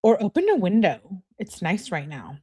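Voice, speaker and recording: A woman reads the part of a curt young man who answers briefly and brushes off complaints. The delivery stays near her own everyday voice, flat and dismissive. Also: mid-range voice, normal speed, slightly rough. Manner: blunt, dismissive.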